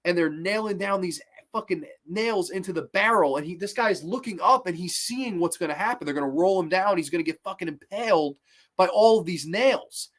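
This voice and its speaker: Excitable, foul-mouthed horror reviewer, man. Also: high voice, brisk. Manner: excitable, swears freely. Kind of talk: casual film review.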